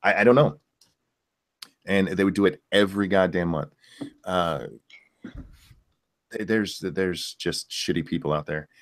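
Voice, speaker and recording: A man's voice: deep voice, a little slow, pauses often. A man hosting a casual live stream, reading viewer questions and ranting bluntly with lots of profanity. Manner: reads viewer questions aloud. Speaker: stream host.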